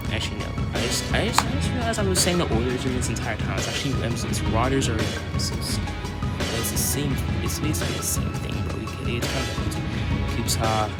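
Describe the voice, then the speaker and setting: A young man doing casual play-by-play commentary for an online hockey league on his phone, rambling and correcting himself, then shouting when someone scores. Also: on the low side. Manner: rambling, self-correcting, bursts into excited shouts on goals.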